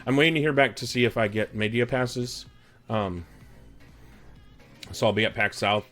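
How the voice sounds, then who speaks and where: A Texan man's mid-range, fairly bright voice moves at normal speed as he hosts a live stream over background music. He's loose and jokey with viewers, rambling along and addressing chat by name.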